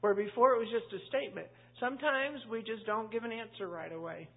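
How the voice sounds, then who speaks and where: Woman, pastor, Bible study teaching, chatty and anecdotal, raspy, phone-quality audio. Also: fairly high pitch, a little fast. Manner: chatty and anecdotal, full of asides. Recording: tinny phone-like line.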